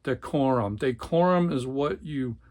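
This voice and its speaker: A man's voice: mid-range voice, measured pace, a little mellow, close to an everyday voice. A man voicing a harsh, accusing older brother, a surgeon who cuts down his sibling, in a novel reading. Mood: contemptuous. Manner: cutting, accusing.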